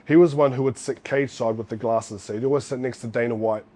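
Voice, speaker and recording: Swearing New Zealand ex-fighter telling stories. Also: male voice, mid-range voice, quick pace. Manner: animated, swears often, acts out quotes. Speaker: guest, former fighter. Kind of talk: casual storytelling.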